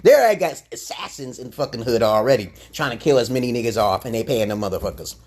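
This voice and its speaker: A livestream host with a husky voice delivers a ranting monologue, profane and confrontational, lurching between loud outbursts and low mutters. He is expressive and talks quickly.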